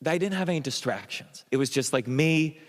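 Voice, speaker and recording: A man's voice: fairly high pitch, fairly quick. Guy on stage doing stand-up, jittery self-mocking, lots of i-i-i restarts, echoey hall. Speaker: stand-up comedian. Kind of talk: stand-up storytelling. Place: comedy stage.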